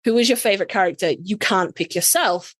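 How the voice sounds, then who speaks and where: A British woman, a podcast guest, telling a story in casual chat, animated and swearing freely. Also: medium pitch, a little fast, no echo. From United Kingdom.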